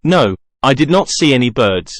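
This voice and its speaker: Timid, pleading young woman voiced by a male reader, with expressive lift in the voice, for a storybook reading. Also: medium pitch, moderate pace, no room sound, studio quality, close to an everyday voice. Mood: nervous. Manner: soft, pleading.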